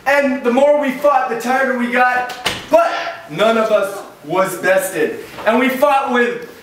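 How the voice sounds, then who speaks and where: A man's voice: very high-pitched, takes it slowly, a bit bright. A man dressed as a knight, telling a hammy, jokey adventure story to children at a party. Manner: hammy, jokey, plays up the drama. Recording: very echoey room, far from camera, faint noise.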